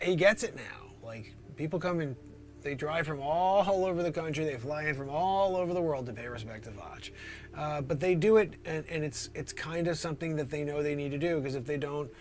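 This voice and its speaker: On an improvised comedy livestream, the host takes chat questions at a moderate pace, animated throughout, shifting into high voices one moment and whispers the next.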